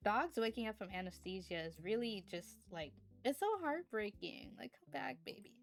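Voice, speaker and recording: A woman's voice: medium pitch, lively intonation, normal speed. A woman streamer in casual chat, rambling from topic to topic and thanking her chat viewers.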